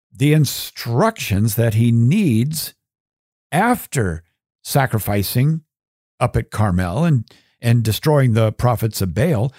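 A man hosting a radio talk show, teaching a Bible story with animated storytelling and dramatized quotes. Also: a little high, no room sound, clean studio sound.

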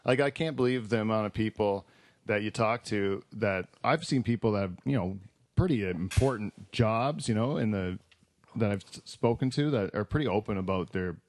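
A man's voice: on the low side, moderate pace. A man hosting a casual podcast chat, rambling with lots of fillers, restarts and laughter. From Canada. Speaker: podcast host.

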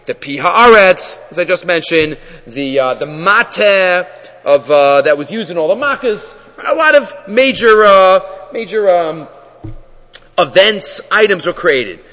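Animated man giving a Torah class. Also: sits high, a little slow. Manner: animated, asks questions. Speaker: rabbi teaching a class. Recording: dull lo-fi audio in a reverberant hall.

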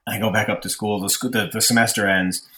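A young man with a low, deep voice tells a personal story in relaxed conversation. He rambles, restarts his sentences and leans on fillers as he goes. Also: quick pace. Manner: rambling, self-deprecating, frequent fillers and restarts. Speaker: podcast storyteller. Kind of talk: casual storytelling chat.

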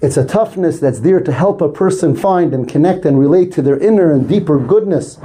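High-voiced, mellow man giving a sermon. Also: expressive, brisk, slight background noise. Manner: earnest storytelling, rising emphasis on key words. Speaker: rabbi.

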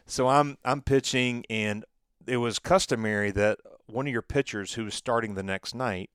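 A man who once pitched professionally, telling a long story in a relaxed interview, rambling with restarts and acting out old conversations. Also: moderate pace, clean tone, dry recording, studio quality. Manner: rambling, frequent restarts and fillers, acts out dialogue. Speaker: former baseball pitcher, guest.

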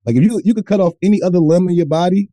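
A man co-hosting a podcast, telling stories in a profane, animated, casual way. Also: sits high, rapid-fire, no room sound. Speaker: podcast co-host. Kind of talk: casual chat.

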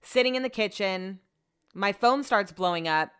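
A young woman talks alone into a podcast mic from her home office, rambling and saying "like" a lot. Her voice is smooth and clear, at a middle pitch. She sounds shaken and subdued. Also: normal speed, fairly bright tone. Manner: chatty, rambling, says "like" often. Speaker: podcast host. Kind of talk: casual solo podcast chat.

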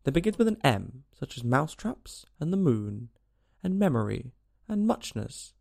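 A man voicing a sleepy, sulky little dormouse with a hoarse, feeble voice. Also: medium pitch, big pitch swings, moderate pace, a little mellow, exaggerated voice. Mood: drowsy.

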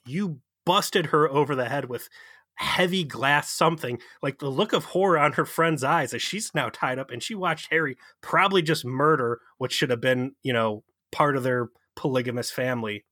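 A young adult man talks through a TV episode with his co-host, animated and profane. He slips into mocking quoted voices as he tells the story. His mid-pitched voice sounds close and dry. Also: normal speed, dry recording. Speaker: podcast co-host. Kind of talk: casual episode recap chat.

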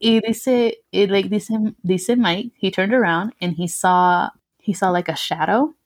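A woman's voice: medium pitch, a little slow. Young woman telling a story. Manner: mixes English and Spanish, swears freely, laughs often. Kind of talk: casual chat.

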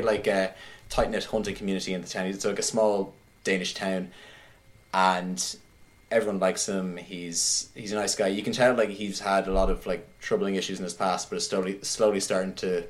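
A man in casual conversation, retelling a film scene by scene in an animated way, with many "like"s. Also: sits low. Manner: animated retelling, heavy use of "like". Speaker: podcast guest discussing films.

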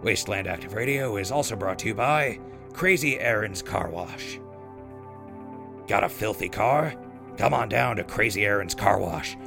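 A man playing a wry ghoul radio DJ with a very deep, gravelly voice. He reads the ads in scripted radio patter and drops dry asides. Music plays clearly under the show. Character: sardonic ghoul radio DJ, male. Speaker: radio host.

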